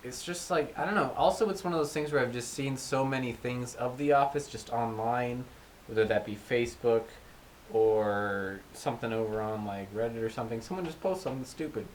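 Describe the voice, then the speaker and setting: A man's voice: mid-range voice, a little fast. A young American man co-hosting a podcast in laid-back, offhand casual chat. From United States. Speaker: podcast co-host. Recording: faint hiss.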